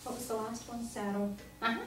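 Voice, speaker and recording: A woman's voice: on the high side, flat delivery, brisk. A woman reading teacher tutoring a student one-on-one, patient and encouraging, prompting step by step. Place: classroom. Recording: roomy, from far off, faint noise.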